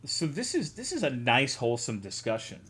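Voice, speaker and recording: A man's voice: mid-range voice, huge pitch swings, a little fast, sharp tone, breathy edge. Rambling, foul-mouthed male streamer. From Texas, USA. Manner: rambling, profane, self-deprecating. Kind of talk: casual chat reading and answering live chat.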